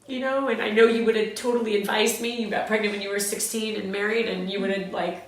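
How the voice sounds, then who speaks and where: A woman's voice: medium pitch, quick pace, slight background noise. Candid woman in an echoey room. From Southern California. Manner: candid, animated, fillers and restarts. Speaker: host. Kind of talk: emotional personal storytelling.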